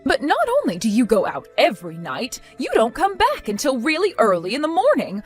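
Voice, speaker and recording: A woman's voice: sits high, wildly swooping pitch, fairly quick, faint music behind. A woman voicing a harsh, accusing middle-aged mother-in-law in a text-story drama, cutting and contemptuous. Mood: scolding.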